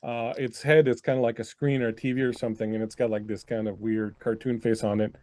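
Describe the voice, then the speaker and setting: A man's voice: mid-range voice, level tone, quick pace, darkish tone, dry recording. A man running a tabletop game as game master, narrating loosely with plenty of fillers and restarts.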